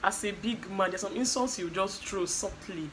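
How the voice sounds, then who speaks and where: A woman's voice: medium pitch, normal speed, fairly bright tone, slight background noise, poor audio. A woman casually recapping a reality show, chatty, with fillers and quoted asides.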